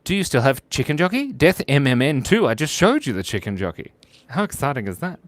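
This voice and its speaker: A man's voice: mid-range voice, sing-song, fairly quick, dry recording. A man hosting a casual live drawing stream, giggly and playful, telling silly jokes while he draws at his desk at home. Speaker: art stream host.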